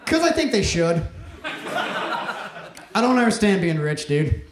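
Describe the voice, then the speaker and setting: Young guy doing standup, kinda high voice, dry deadpan jokes, echoey club. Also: a little slow, a crowd in the background. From Mississippi, US. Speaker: stand-up comic. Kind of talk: stand-up comedy set. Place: comedy club stage. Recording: roomy club sound, faint noise.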